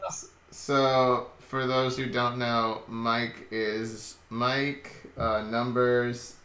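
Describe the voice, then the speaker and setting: Man, stream host, slow drawl, roomy echoey sound, rambling jokes. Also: mid-range voice, little pitch movement, sharp tone. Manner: rambling, jokey, halting restarts. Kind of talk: casual late-night chat. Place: home. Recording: roomy echo.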